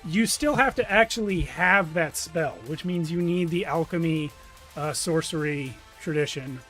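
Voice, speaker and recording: High-voiced male game master, rambling. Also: unhurried, sharp tone, soft background music. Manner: loose, rambling with fillers. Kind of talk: narrating a tabletop game.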